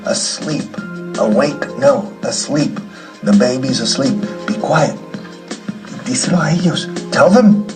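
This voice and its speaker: Playful man hushing over background music. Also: medium pitch, takes it slowly. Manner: hushing, playful, shifting between whispers and louder lines. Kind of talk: sung and whispered comic skit.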